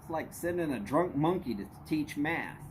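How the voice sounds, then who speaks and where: A man's voice: on the high side, animated, moderate pace, slight background noise. A middle-aged man hosting a live stream, chatting casually and telling rambling jokes and stories. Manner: rambling, joking storyteller.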